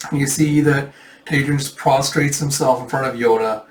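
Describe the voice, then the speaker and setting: A man's voice: medium pitch, fairly even intonation, normal speed, a little hiss or hum. A man casually reading through a manga, often putting "it's like" before the lines he quotes. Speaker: manga reader. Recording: roomy, distant mic.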